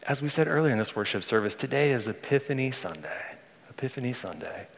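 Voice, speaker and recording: A man's voice: mid-range voice, animated, a little fast, gravelly. A man in his thirties preaching a sermon to his congregation, earnest and conversational, speaking to them directly. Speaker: pastor. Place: church sanctuary. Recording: long reverb of a large hall.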